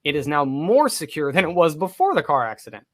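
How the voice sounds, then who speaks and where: A podcast co-host, a man whose voice sits a little higher than most. He tells a personal story casually, with plenty of swearing and colorful detail. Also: brisk. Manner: profane, vivid, animated storytelling.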